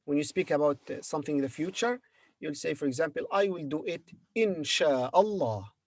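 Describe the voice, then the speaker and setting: A man teaching the alphabet in a slow, patient spoken lesson, repeating each word and pausing with fillers. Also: on the high side, animated. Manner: patient, repeats words slowly with hesitant fillers. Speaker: Arabic teacher.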